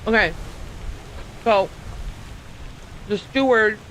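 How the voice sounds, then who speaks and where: A woman's voice: medium pitch, very slow, a bit bright, a little hiss or hum, low-quality recording. A woman livestreaming a video game, chatting casually and thinking aloud as she works out the puzzle. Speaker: streamer playing a video game.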